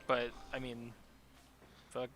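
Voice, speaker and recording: A man's voice: medium pitch, completely flat delivery, slow pace, a bit bright. A man casually commenting as his friend plays a game, chatty and laughing often. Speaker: guide watching a friend play.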